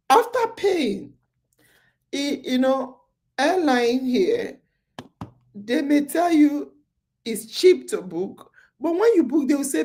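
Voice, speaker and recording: Woman host, drowsy and chatty, unhurried, dark-toned voice, loops back over her words. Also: high-pitched. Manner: chatty storytelling, repeats phrases, many fillers. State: sleepy, yawning. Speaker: podcast host. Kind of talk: casual live-stream chat.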